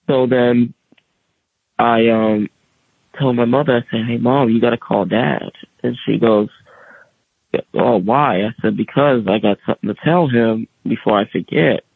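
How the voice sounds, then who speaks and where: A man's voice: medium pitch, vocal fry, breathy edge, no room sound. A man telling his own story in a casual way, acting out other people's voices as he goes. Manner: animated, acts out quoted voices. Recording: tinny phone-like radio audio.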